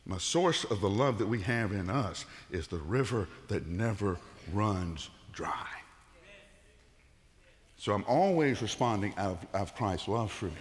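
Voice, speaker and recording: A male pastor giving a conversational sermon, rising into loud emphatic bursts and dropping to low, quiet tones. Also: animated, measured pace, long reverb tail.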